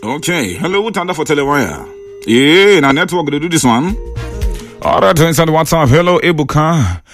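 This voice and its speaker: A man's voice: a little high, normal speed, faint music behind. A man with a Nigerian accent hosting a call-in radio show from a studio, bantering playfully with callers and reading out messages. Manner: lively, playful banter in pidgin. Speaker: radio host.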